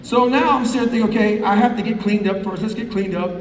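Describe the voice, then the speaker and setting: High-pitched man cursing through a story on stage. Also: quick pace, slight background noise. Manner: profane, intense storytelling. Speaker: motivational speaker. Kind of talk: live storytelling talk on stage. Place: large hall with a live crowd. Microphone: stage speech heard from the crowd on a fan's camera. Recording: roomy, far-off hall recording from the crowd.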